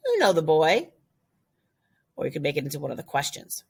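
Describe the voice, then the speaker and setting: A woman teaching a recorded French lesson, jumping up high to model phrases and reading each one out. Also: wildly swooping pitch, moderate pace, pauses often, husky.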